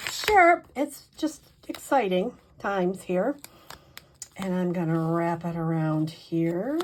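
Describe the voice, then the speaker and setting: A woman hosting a card-making tutorial, chatty and encouraging, poking fun at her own mistakes as she works. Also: fairly high pitch. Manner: chatty, self-deprecating, encouraging. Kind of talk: casual crafting demonstration.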